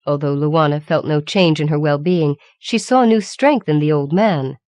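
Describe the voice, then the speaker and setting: A woman reading a fantasy audiobook in a measured, even storytelling manner. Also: low-pitched, dry recording. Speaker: audiobook reader. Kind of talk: scripted narration.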